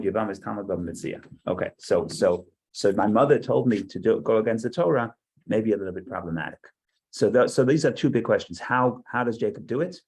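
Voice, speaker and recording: A man's voice: fairly low pitch, creaky, darkish tone, low-quality recording. A man teaching a Bible study class over a video call, thinking aloud with frequent restarts and asides. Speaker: Torah teacher.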